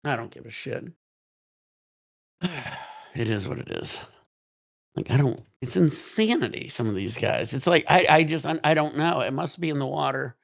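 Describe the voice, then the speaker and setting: A man's voice: medium pitch, lively intonation, normal speed, vocal fry, long pauses, no room sound, clean studio sound. A man hosting a livestream, ranting in an exasperated, profane way. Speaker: livestream host.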